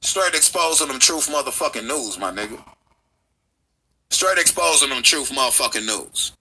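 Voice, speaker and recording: Heated husky-voiced man ranting on stream. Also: mid-range voice, animated, moderate pace, sharp tone, rough recording. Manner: heated, profane, confrontational. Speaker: livestreamer. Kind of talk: livestream rant.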